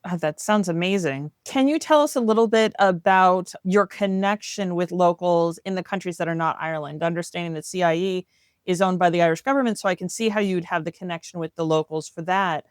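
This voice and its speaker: A woman co-hosting a travel podcast, asking questions in a measured, polite way. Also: fairly low pitch, clean tone, no echo, studio quality. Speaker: podcast co-host. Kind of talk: podcast interview.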